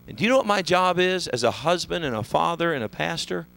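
A man preaching a sermon as pastor of a church, swinging from hushed low lines to loud shouted peaks. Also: animated, brisk, creaky, low-quality recording. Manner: fervent preaching, sweeping from hushed lows to shouted highs. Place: church sanctuary.

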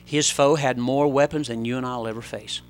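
A middle-aged man preaching a sermon, swinging between loud, urgent exhortation and quieter, conversational asides. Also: medium pitch, fairly even intonation, normal speed, slight background noise.

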